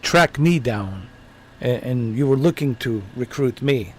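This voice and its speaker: A man's voice: mid-range voice, expressive, measured pace. Casual male gaming streamer. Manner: casual, playful, talks back to characters. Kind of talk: live game commentary.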